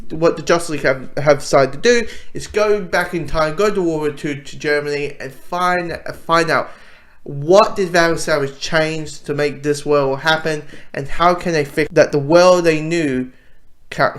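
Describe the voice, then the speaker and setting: Young guy rambling excitedly about a cartoon, kinda high voice, lots of restarts. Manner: rambling, enthusiastic, many restarts and fillers. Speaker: video reviewer. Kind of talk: casual unscripted review.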